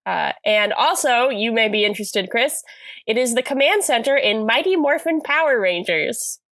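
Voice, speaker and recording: A woman's voice: on the high side, lively intonation, moderate pace, fairly bright tone, no room sound. A woman co-hosting a podcast, chatting casually as she recaps a TV episode, rambling with lots of fillers and self-corrections. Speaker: podcast co-host.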